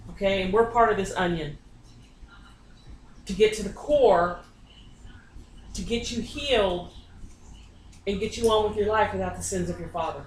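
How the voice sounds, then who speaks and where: A woman's voice: mid-range voice, a little hiss or hum. A woman psychic medium giving a reading in someone's home, talking bluntly and insistently and swearing often. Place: inside a private home. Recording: echoey room, distant mic, faint ambience.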